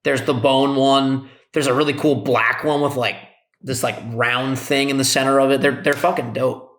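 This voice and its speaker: A young man, a podcast co-host, telling an excited story in casual chat, swearing a lot. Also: mid-range voice, moderate pace. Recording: echoey room.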